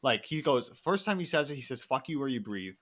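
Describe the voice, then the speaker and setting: A man's voice: mid-range voice, sing-song, fairly quick, fairly bright tone. A young man in his twenties or so chats on a podcast with an everyday mid-range voice. He rambles through stories, breaks into laughter, and swears easily. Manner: rambling storyteller, laughs often, swears freely. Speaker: podcast co-host. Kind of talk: casual chat.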